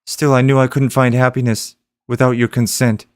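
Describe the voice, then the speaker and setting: A man reading aloud a young princess's lines from a game, a little higher and louder than his usual voice. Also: little pitch movement, normal speed, clear, resonant tone, no room sound, studio quality, close to an everyday voice. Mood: pleading. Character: young princess, gentle and earnest.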